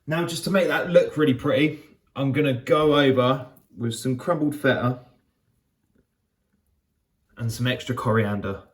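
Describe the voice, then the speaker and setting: A man hosting a cooking vlog, tasting his dish and gushing over it in an excitable, casual way. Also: medium pitch, measured pace, long pauses, roomy sound. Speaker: cooking show host.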